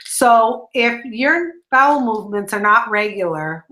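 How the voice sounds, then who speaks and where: A woman's voice: a little high, animated, a little slow, bright, forceful tone. A woman hosts a call and walks listeners through products in an upbeat, explanatory way. She keeps checking in with the audience as she explains. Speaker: host.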